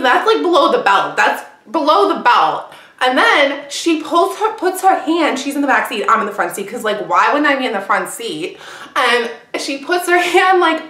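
A woman's voice: high-pitched, fairly bright tone. A young woman improvising as a brash, gossipy party girl, chattering with constant fillers in an echoey room. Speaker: actor auditioning. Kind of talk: improvised character monologue. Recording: roomy echo.

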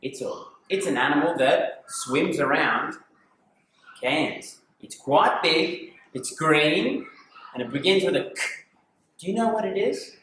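A man's voice: fairly high pitch, lively intonation, a little slow, fairly bright tone, slight background noise. A man, a kindergarten teacher, reading a picture book to small children in a playful, exaggerated sing-song voice. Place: empty kindergarten classroom. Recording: echoey room.

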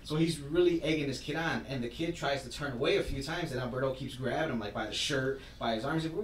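A man co-hosting a casual podcast, retelling a story with animated energy and acting out the lines he quotes. His voice sits in a roomy space, a little away from the mic. Faint ambience hums behind him. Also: medium pitch, fast, hardly any pauses, recorded from a distance, slight background noise. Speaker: podcast co-host. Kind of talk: casual wrestling chat.

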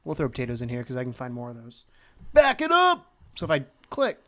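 A man's voice: medium pitch, rapid-fire. A man in his twenties hosting a let's play, thinking aloud in rambling sentences and chuckling often. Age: 20s. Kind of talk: casual gameplay commentary.

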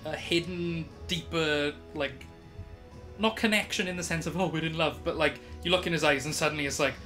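A man with a British accent narrating as dungeon master, quick and animated, laughing often. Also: fairly high pitch. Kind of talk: narrating a tabletop game.

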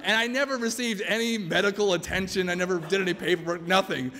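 A man's voice: high-pitched, steady tone, fast talker, pushed and bright. A man in his thirties telling a true story on stage, in a chatty, self-mocking way full of "like". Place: church hall with live audience. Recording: long hall reverb, faint room noise.

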